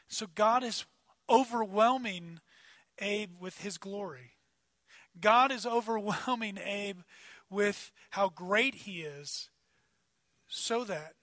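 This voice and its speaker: A male pastor preaching with a high, bright, forceful voice in a dry, close recording. His delivery is conversational, rising to loud emphasis and dropping to quiet asides. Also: no room sound. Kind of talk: sermon.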